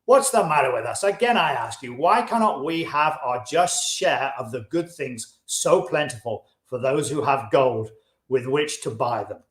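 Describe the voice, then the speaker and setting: Using his natural voice at medium pitch, the man sounds animated and keeps a moderate pace. He reads passionately in old-fashioned English as an earnest, discontented chariot maker, an audiobook-style classic recorded with roomy echo.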